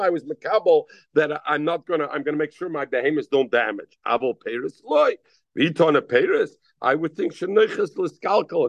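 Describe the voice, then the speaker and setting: A man's voice: medium pitch, dry recording, highs cut off. A man teaching a Daf Yomi Talmud class, calling on students by name and mixing in Hebrew and Aramaic terms.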